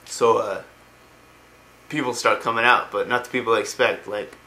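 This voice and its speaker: A man's voice: fairly low pitch, fairly even intonation, moderate pace, pushed and bright. Rambling man retelling game lore. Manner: rambling, lots of ums and likes. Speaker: lore explainer.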